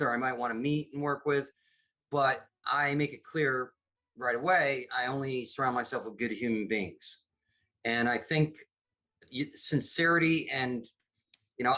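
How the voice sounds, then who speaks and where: A middle-aged comedy producer from upstate New York chats as a guest on a podcast, his mid-range voice pushed and bright. It's a casual interview, and he rambles, restarting his sentences again and again.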